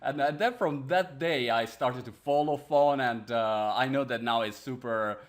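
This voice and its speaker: A man's voice: mid-range voice, a little slow. An Italian-accented man interviews a guest in eager, meandering English. He keeps circling back and restarting his sentences. His voice sits in a middle register. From Italy. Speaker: interview host. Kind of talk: casual interview.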